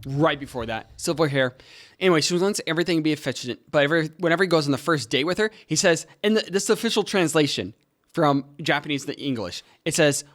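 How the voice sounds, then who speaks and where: A young man chatting on a podcast, wandering from point to point and cracking jokes as he goes. His voice sits a little high and swings widely in pitch. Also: expressive, fast talker, a bit bright. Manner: rambling, joking, loses his train of thought. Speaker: podcast co-host. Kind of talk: casual chat.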